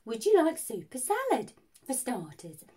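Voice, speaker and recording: A woman's voice: sits high, huge pitch swings, moderate pace, warm tone, breathy edge, heavily acted. A woman voicing a ditzy, cheerful young woman, telling a comic story in a giggly, bubbly way. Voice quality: giggly, wide-eyed and bubbly. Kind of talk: comic character monologue.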